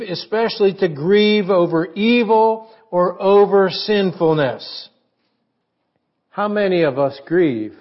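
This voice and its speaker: A man's voice: high voice, dull audio. A man preaching a sermon in a conversational way, asking his congregation questions. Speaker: pastor.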